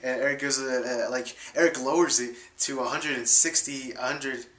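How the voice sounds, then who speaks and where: Rambling young man, bright roomy sound. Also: mid-range voice, fairly even intonation, moderate pace. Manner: rambling, many fillers and restarts; acts out quotes in raised voices. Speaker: vlogger. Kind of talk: casual storytelling.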